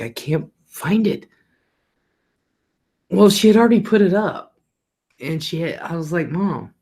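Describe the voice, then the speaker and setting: A middle-aged man hosts a livestream, rambling casually about his day in a medium-pitched, darkish voice. He laughs often and swears offhandedly.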